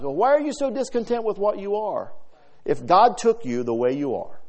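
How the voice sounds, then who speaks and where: Male preacher, animated sermon delivery, slightly high voice, soft asides and loud emphatic scripture reading. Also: moderate pace.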